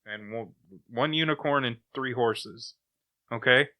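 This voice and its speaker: A man co-hosting a comic book podcast, retelling a story in an animated, casual way with chuckles. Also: mid-range voice, unhurried, dull audio. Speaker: podcast co-host reviewing comics. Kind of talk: casual chat.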